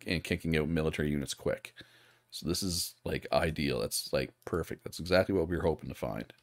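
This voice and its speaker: A streamer with a deep, low male voice casually commentates live on a strategy game, thinking out loud and pausing to reply to viewers in chat. The recording is close and dry, with no room sound.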